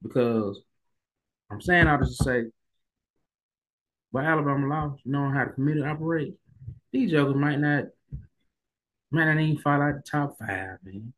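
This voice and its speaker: A man's voice: a little high, normal speed, long pauses, a bit bright. A man giving a casual, emphatic opinion monologue on college football, repeating himself for emphasis and getting heated. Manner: emphatic, repetitive, colloquial, rising to heated emphasis. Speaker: sports commentary vlogger.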